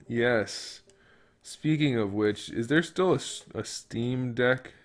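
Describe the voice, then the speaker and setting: Speaking slowly at a medium pitch, a man livestreams as he works on a toy figure. He mutters and thinks aloud in casual chat, tossing joking asides to his viewers.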